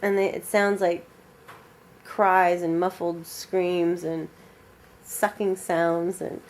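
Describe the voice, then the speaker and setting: A woman telling an original vampire story aloud in a casual, animated, rambling way, with many fillers. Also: on the low side, takes it slowly.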